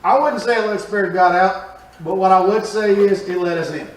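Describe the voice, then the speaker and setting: A man with a high voice teaches a Bible study to his class in a church room. He explains the passage conversationally and keeps quizzing his listeners. He's picked up from across an echoey room. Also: a little fast. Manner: conversational, asks the class questions. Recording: roomy, from a distance.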